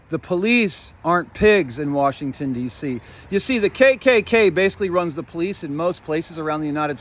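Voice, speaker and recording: A man with a notably high voice rants to his viewers in a long, profane monologue. He jumps from one theory to the next, toys with puns, and keeps asking "guess what". He addresses the audience directly throughout. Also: a bit bright. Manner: profane, swears often; rambling, jumps between topics, plays on words. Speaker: vlogger. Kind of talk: rambling conspiratorial monologue.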